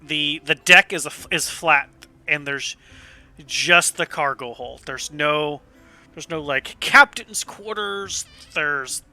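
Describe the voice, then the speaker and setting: High-voiced, unhurried man running the game. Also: faint music behind. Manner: relaxed, laughing narration. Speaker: game master. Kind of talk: narrating a tabletop game.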